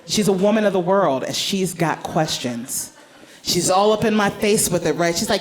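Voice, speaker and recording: A woman's voice: on the low side, normal speed, slight background noise. A woman comedian telling stand-up stories in a playful, exaggerated way.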